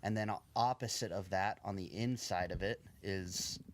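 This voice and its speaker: A man's voice: on the low side, fairly even intonation, normal speed, slight background noise. A man in casual podcast chat, laid-back and profane, restarting his sentences.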